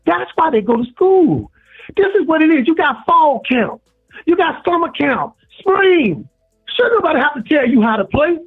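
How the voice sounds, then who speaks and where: A man's voice: lively intonation, normal speed, faint music behind. A man calling in to a sports radio show, preaching and repeating himself. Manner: preachy, repeats himself, swings high and low. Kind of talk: impassioned call-in rant. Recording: tinny phone line.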